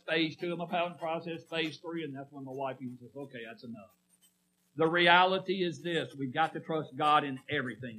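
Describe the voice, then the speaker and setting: A man's voice: a little high, sharp tone, poor audio. A middle-aged man preaching a sermon in a folksy way, often putting questions to the congregation.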